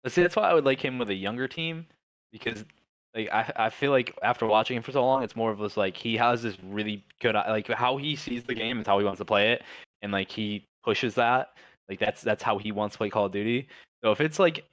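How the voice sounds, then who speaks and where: Young male co-host, low voice, dry close sound, stumbling and repeating words. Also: brisk, a bit bright, no echo. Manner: hesitant, repeats words, lots of "like". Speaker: podcast co-host. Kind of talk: casual esports talk show chat.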